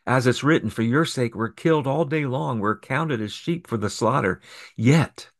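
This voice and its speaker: Emphatic male pastor preaching. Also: moderate pace. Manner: emphatic preaching with sharp rises in pitch and volume on key phrases; reads scripture aloud in a steady narrating voice. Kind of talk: sermon.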